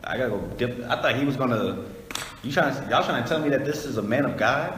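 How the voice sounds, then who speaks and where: A man casually teaching a Bible study, explaining scripture in a conversational, animated way. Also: medium pitch, brisk. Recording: echoey hall, faint noise.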